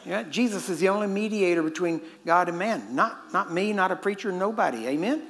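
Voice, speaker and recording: A middle-aged preacher from Texas, delivering a sermon in a fast, joking, conversational way. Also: male voice, high voice, lively intonation, fairly bright tone. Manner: fast-talking and joking with the audience.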